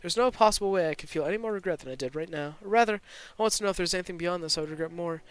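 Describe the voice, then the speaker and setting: A man's voice: high voice, racing, smooth. A man reading a visual novel aloud as a streamer, narrating tense first-person scenes with occasional asides. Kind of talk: dramatic story narration with asides.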